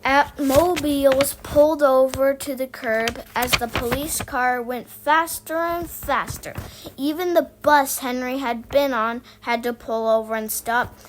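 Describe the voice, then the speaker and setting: A woman reading a children's book aloud, lively and voicing the sound effects. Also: sits high, slight background noise, low-quality recording. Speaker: reader.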